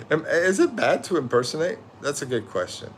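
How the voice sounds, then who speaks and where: A man's voice: a little high, very animated, moderate pace, slight background noise. Tired, rambling American man chatting live. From USA. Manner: rambling, self-correcting, loose slangy talk. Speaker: livestream host. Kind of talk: casual livestream chat reading viewer comments.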